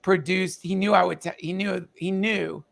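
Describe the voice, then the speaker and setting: A man telling a personal story in casual conversation, halting and emotional, with many restarts and fillers. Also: high-pitched, steady tone, gravelly, a bit bright. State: tearful.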